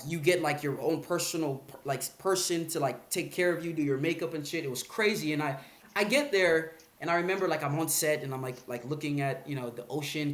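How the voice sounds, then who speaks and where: A man's voice: fairly high pitch, fairly bright tone. A man, a podcast guest, telling a story casually in a laid-back, slangy way with plenty of swearing. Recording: roomy podcast room.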